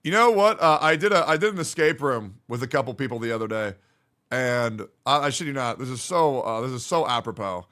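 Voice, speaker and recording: Man, streamer, bright tense voice, mid pitch, casual profane reaction chat, jokey, reading comments aloud. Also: lively intonation, fairly quick. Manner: joking, profane, reads viewer comments aloud; swings between loud hype and low mumbling.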